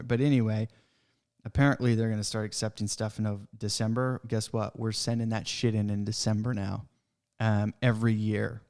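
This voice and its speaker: A man's voice: lowish voice, a little mellow, clean tone. A man who owns a pest control business, hosting a podcast and venting in a frustrated, worked-up way about an inspection. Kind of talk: casual podcast rant.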